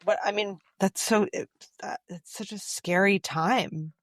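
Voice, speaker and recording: A woman's voice: mid-range voice, a little slow, no echo, studio quality. A woman co-hosting a podcast, responding in casual conversation, hesitant and sympathetic. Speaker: podcast co-host.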